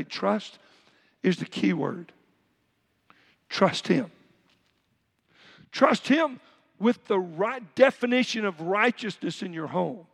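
A male pastor preaches in a church sanctuary, his voice unusually high with a gravelly edge. He keeps it conversational, slipping into everyday quotes. The sound carries a long reverb from the hall. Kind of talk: sermon.

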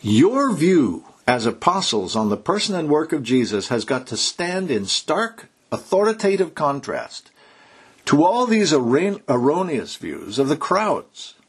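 A man preaching a sermon, exhorting his listeners and slowing down to stress key words. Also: fairly high pitch, very animated, slightly rough. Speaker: pastor.

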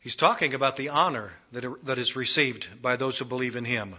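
A man's voice: mid-range voice, brisk, few pauses, sharp tone, husky, lo-fi sound. A man preaching an expository sermon, repeating phrases for emphasis.

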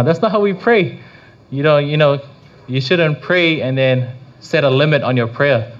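A man gives a casual devotional talk, his delivery loose and rambling, tripping over restarts and leaning on filler phrases. His voice sits at an ordinary middle pitch. The recording sounds a little dull and lo-fi. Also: animated, moderate pace, slight background noise. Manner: rambling, full of restarts and "you know".

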